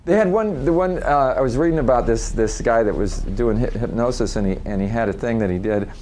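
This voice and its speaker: A middle-aged man with a voice of ordinary pitch gives a live talk to an audience. His manner is casual and conversational. He often breaks into laughter and trips over his own sentences before carrying on. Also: fairly quick, darkish tone, a little hiss or hum. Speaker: workshop speaker.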